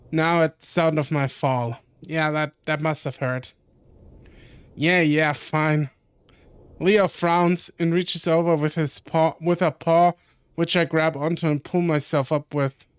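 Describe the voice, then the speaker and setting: A young man streaming, reading a visual novel aloud with commentary, slowly and often correcting himself. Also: a little high, steady tone, clean tone, no echo. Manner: slow reading with frequent self-corrections.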